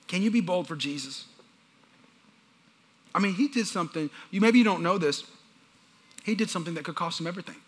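A man's voice: high voice, fairly quick, long pauses. A man preaching a sermon with humor, telling family stories and talking directly with the congregation. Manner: animated, acts out family scenes; talks with the congregation. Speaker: pastor.

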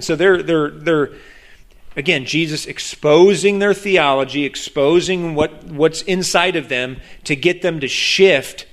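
A man preaching a sermon as pastor, animated, acting out the voices of the people he quotes, often restarting his sentences. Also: high-pitched, a little slow.

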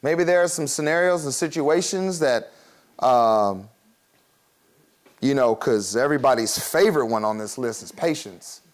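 Man preaching, casual, chatty, laughs a lot, acts out quick voices, mid pitch. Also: expressive. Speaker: pastor. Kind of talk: sermon.

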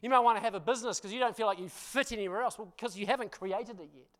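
High-voiced New pastor telling stories. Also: male voice, racing. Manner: animated storytelling, self-deprecating, laughs often; addresses congregation with frequent "you know" and "hmm?". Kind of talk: storytelling sermon.

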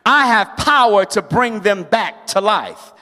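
A man pastor preaching a sermon, rising to shouts at climaxes and dropping into casual storytelling asides. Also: sits high, lively intonation, takes it slowly, long reverb tail.

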